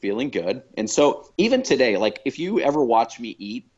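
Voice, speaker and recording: A man's voice: medium pitch, very animated, normal speed, a little mellow, lo-fi sound. A man talking as a podcast guest, thoughtful and reflective, with many fillers and restarts. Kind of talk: reflective conversation.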